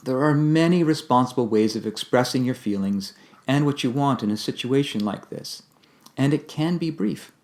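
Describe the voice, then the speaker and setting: A man giving a calm, measured instructional talk on communication, explaining ideas step by step. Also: medium pitch. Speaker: communication teacher.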